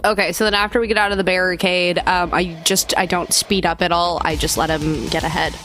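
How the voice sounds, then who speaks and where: A woman playing a tabletop game, reacting quickly and talking casually. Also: lowish voice, steady tone, a bit bright, soft background music. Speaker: player.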